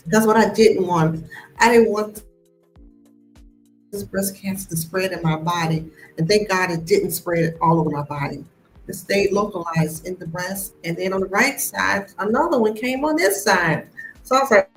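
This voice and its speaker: A woman hosting a live stream, telling a personal story in a lively way and acting out the voices of the people in it. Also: medium pitch, moderate pace. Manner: animated, acts out the voices in her story. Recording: echoey room with faint music behind.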